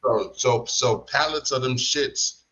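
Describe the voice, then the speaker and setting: A man talking slowly in slangy casual podcast chat, drawing out his points. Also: mid-range voice, sharp tone, low-quality recording. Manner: slow, drawn-out storytelling with slang and restarts. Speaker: podcast co-host.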